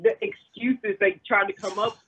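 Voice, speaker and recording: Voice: mid-range voice, very animated, normal speed, a bit bright, slight background noise. Kentucky-accented caller on a muffled line. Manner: hesitant, many fillers, giggly. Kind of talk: casual phone chat. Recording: muffled phone call line.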